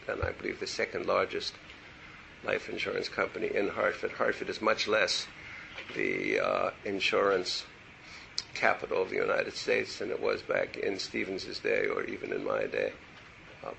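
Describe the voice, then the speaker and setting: A man's voice: low voice, gravelly, bright, forceful tone, a little hiss or hum, low-quality recording. An older man giving a meandering university lecture on poetry, full of digressions and asides. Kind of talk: classroom lecture. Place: lecture room.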